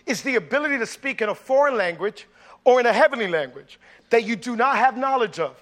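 A man delivers a sermon in a notably high, bright voice. He talks to the congregation in a conversational, storytelling way, then builds to loud, emphatic preaching. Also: expressive, fairly quick. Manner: conversational storytelling with audience asides. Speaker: pastor.

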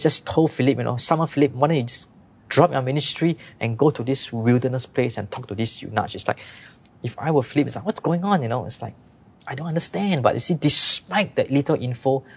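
A man's voice: medium pitch, husky, muffled recording. A man preaching a sermon in a chatty, conversational way, often dropping "you know".

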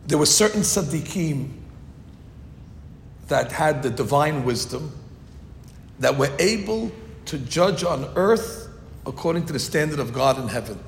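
A man teaching a Torah class, retelling a story animatedly and acting out the quotes in voices. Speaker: rabbi. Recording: echoey hall with faint rumble.

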